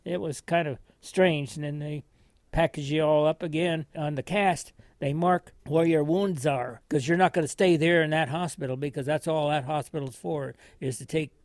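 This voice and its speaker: A man's voice: fairly high pitch, fairly even intonation, normal speed, a little mellow, no echo. An older American man, a war veteran, telling his story in a rambling, folksy way with frequent chuckles. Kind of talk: oral history storytelling.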